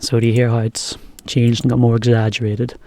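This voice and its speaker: A man teaching English in a relaxed, chatty video lesson, explaining as he goes. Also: medium pitch, a little fast, no room sound.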